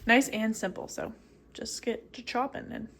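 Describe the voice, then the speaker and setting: A woman's voice: a little high, normal speed, fairly bright tone, slight background noise. A young woman vlogger chatting casually and rambling in a self-mocking way while she cooks at home. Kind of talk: casual chat. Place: home kitchen while cooking.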